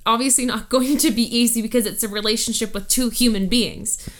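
A young woman with a slightly high voice chats casually as co-host. She speaks earnestly and laughs often. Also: fairly even intonation, fairly quick. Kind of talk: casual chat.

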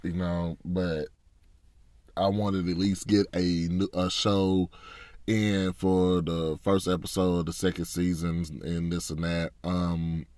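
A man's voice: low voice, flat delivery, takes it slowly, a little mellow, no room sound. A man hosting a casual sports talk podcast, sounding congested and fatigued, frank and frustrated. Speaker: podcast host.

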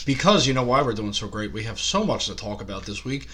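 A man's voice: fairly low pitch, animated, quick pace, a bit bright, a little hiss or hum. A man co-hosting a casual comedy podcast, telling rambling, crude stories. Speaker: podcast co-host.

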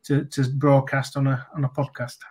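A man's voice: medium pitch, level tone, moderate pace, darkish tone, husky. A man in his forties, a former sportsman, telling casual anecdotes with lots of ums, restarts and laughs. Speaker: guest, former cricketer. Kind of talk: casual interview storytelling.

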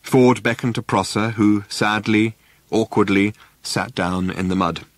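A man narrating a comic story in a measured, dry storytelling manner. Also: lowish voice, steady tone, no room sound. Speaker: audiobook narrator. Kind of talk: scripted narration.

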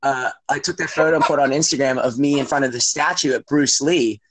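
A man's voice: medium pitch, fast. A middle-aged man hosting a podcast, telling a long story in casual, rambling chat that is full of swearing, "like" and "you know".

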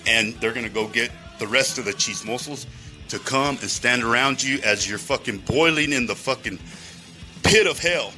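A man's voice: mid-range voice, moderate pace, sharp tone, faint music behind. A man in a rambling, profane monologue, going off on tangents and talking straight to his listeners. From Texas. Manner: heavy swearing, rambling tangents, addresses listeners directly.

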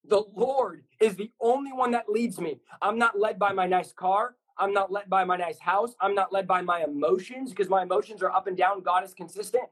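A man preaching fervently as a podcast guest, his voice pitched high for a man and a little husky. He drives his point home in stacked, repeated short lines, with the insistent push of a sermon. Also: normal speed, few pauses, a bit bright, poor audio. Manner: intense, repetitive, builds lists of short punchy lines.

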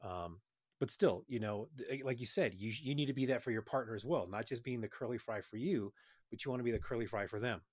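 A man's voice: mid-range voice, a little fast, dry recording. Guy ranting casually, profane and firm, dry mic. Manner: blunt, opinionated, profane. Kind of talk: casual crude chat.

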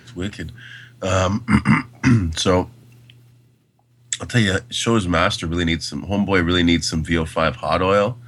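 A man's voice: sits low, unhurried, long pauses, a bit bright. A man co-hosting a podcast, talking about a film casually in a rambling way with many fillers. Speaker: podcast co-host.

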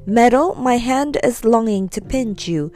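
A woman's voice: fairly high pitch, expressive, a little slow, mellow, soft background music. A woman voicing an angry aunt who scolds her nephew in a nasty, sarcastic way. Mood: angry scolding. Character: cross scolding aunt, sharp-tongued woman.

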